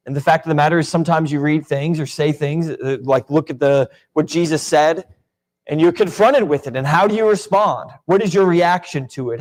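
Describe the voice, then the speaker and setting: A man's voice: a little high, a little mellow. Casual male Bible class teacher. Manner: casual, questioning, uses many fillers. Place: church classroom.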